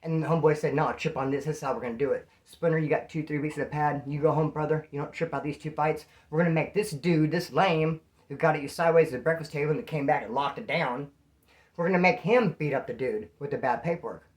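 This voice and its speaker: A man's voice: on the high side, fast. A man and former prisoner telling a casual first-person story, rambling in slang and acting out the dialogue he quotes.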